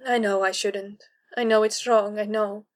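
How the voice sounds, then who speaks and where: Woman narrator doing a hushed, conflicted woman confessor in an audiobook, soft and confiding. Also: medium pitch, fairly even intonation, unhurried, natural voice. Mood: hushed, confessing.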